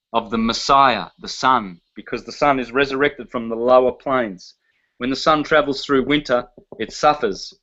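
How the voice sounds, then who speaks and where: A man's voice: medium pitch, a bit bright, highs cut off. A man lecturing to a live audience in an emphatic way, listing terms one by one and asking rhetorical questions.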